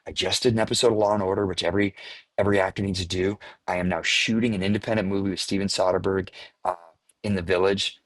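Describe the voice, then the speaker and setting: A man's voice: sits low, fast, no echo. A man from the American Midwest, an actor guest, animatedly telling an on-set story in casual podcast chat. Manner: animated storyteller who laughs at his own tale.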